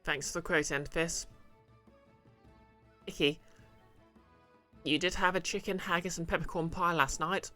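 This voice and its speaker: A man streaming a role-playing game, wry and chatty, reading game text and chatting with viewers. His voice is bright and crisp, with faint game music under it. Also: on the high side, steady tone, unhurried, pauses often. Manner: chatty, wry, reads chat aloud. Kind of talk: casual game stream commentary.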